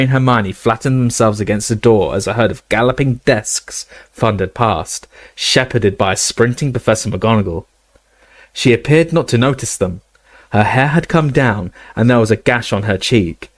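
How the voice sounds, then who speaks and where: A man narrating a fantasy novel aloud, steady, with occasional slips and restarts. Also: medium pitch, no echo. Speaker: audiobook reader. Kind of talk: casual audiobook narration.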